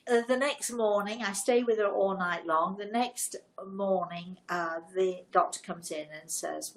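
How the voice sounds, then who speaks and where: A woman's voice: lowish voice, unhurried, poor audio. Older woman telling a story. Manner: animated, acts out dialogue with shifting voices. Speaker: host. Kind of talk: storytelling anecdote on a live show.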